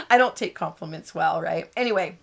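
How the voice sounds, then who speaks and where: A woman hosts a craft live stream in a bubbly, rambling way. She laughs often as she chats with viewers. Her voice sits at a middle pitch. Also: expressive, normal speed, fairly bright tone. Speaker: host of a card-making live stream. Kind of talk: chatty live-stream banter.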